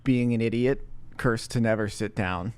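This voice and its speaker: A man's voice: medium pitch, normal speed, smooth. A man co-hosting a casual movie podcast, summing up the plot in a dry, sardonic way. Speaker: podcast co-host. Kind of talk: casual movie recap chat.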